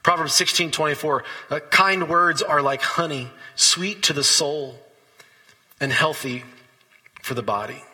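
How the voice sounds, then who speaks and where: A man's voice: fairly high pitch, a little slow, pushed and bright, slightly rough, big-room sound, low-quality recording. A man preaching a sermon as pastor, talking conversationally and telling stories between scripture readings.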